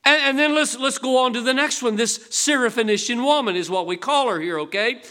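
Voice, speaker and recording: A man's voice: extremely high pitch, fairly quick, sharp tone. An older man preaching a sermon in a folksy, conversational way, asking the congregation rhetorical questions. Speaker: pastor.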